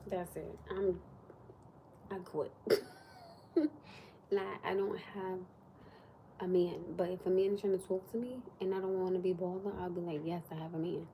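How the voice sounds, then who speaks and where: Woman ranting on a live stream, soft warm voice, bit of hiss behind. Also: on the low side, unhurried, pauses often. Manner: animated, drops to whispers for emphasis. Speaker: livestream host. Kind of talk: casual livestream chat.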